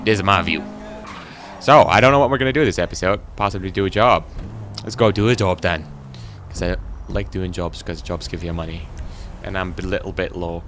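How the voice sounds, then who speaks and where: A teenage boy giving rambling, excitable commentary while playing a video game. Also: low-pitched, a little fast, a little hiss or hum. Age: teens. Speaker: gaming channel host. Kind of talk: gameplay commentary.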